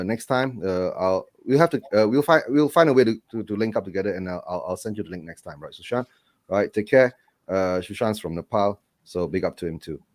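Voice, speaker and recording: A man's voice: fairly low pitch, a little mellow, no echo, studio quality. A man hosting a fan show over a video call, speaking hesitantly and with many fillers. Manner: hesitant, full of fillers, friendly. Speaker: host. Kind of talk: casual fan-show chat. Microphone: video call mic.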